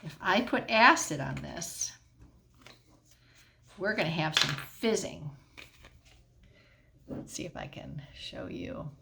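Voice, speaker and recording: A woman's voice: on the low side, animated, slow pace, vocal fry, long pauses, noisy background. A middle-aged woman teacher explaining a science lesson at home in a patient way, often checking in with the class.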